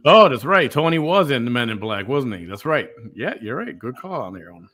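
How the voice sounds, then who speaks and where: A man's voice: mid-range voice, sing-song, brisk, sharp tone. A man hosting a casual talk show, chatting loosely and greeting listeners as they come in. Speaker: show host. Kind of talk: casual chat.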